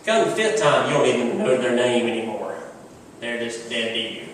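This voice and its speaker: A man's voice: mid-range voice, animated, normal speed, a bit bright, a little hiss or hum. A male pastor preaching a sermon in a conversational, emphatic storytelling manner, recorded from far off in a church. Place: church sanctuary. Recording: echoey church hall from far off.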